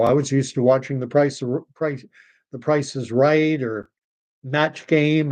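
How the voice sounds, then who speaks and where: A man's voice: medium pitch, darkish tone. Rambling middle-aged Canadian man. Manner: rambling, with sarcastic mock quotes. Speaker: livestream host. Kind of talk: casual livestream monologue.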